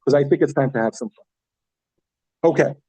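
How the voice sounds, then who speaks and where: A man teaching a Yiddish class, chatty and animated, often restarting his sentences as he talks to the room. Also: mid-range voice, measured pace, breathy edge, dry recording, highs cut off. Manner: animated, chatty, self-interrupting. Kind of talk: classroom lesson.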